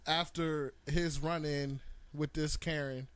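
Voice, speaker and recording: A man hosting a casual talk show, telling stories with animated delivery and acting out the people in them. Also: on the high side, slow pace, clean tone, no room sound. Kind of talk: casual chat, storytelling.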